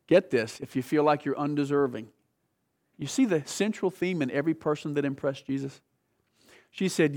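In his sermon, a man brings a scripture story to life with an animated, lively telling. He acts out the different voices and lets his voice fall to soft, dramatic lows.

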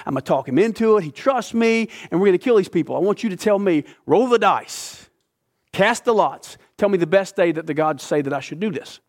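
A man voicing an arrogant, vengeful male royal official who is boastful, loud and scheming. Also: high voice, expressive, fairly quick.

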